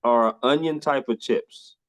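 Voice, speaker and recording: A man's voice: mid-range voice, unhurried. A man hosting a podcast, chatting playfully and exclaiming freely. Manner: playful, expressive, folksy exclamations. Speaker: podcast host. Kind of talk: casual interview chat.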